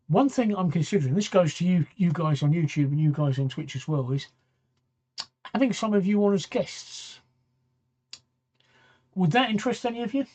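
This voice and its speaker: Tired and yawning late at night, a talk show host in his sixties answers viewer comments on a casual live stream, rambling and saying things twice. His pitch runs high with a darkish tone, and the recording's highs are cut off.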